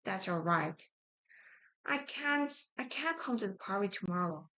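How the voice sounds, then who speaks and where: A woman whose first language is Korean, reading simple grammar practice sentences aloud, repeating each one with halting restarts. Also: medium pitch, expressive, bright, forceful tone. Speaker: study-with-me streamer.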